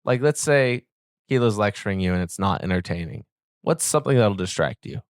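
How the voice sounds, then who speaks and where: A man narrating a tabletop game as game master with slow, descriptive scene-setting. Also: fairly low pitch, expressive, dry recording, clean studio sound.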